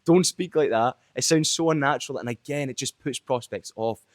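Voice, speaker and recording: A young man talks straight to camera about sales, blunt and casual, with a good deal of swearing. His voice sits in an ordinary middle pitch. The sound is dry and close, with no room echo. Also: brisk. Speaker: sales trainer. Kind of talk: direct-to-camera sales tips video.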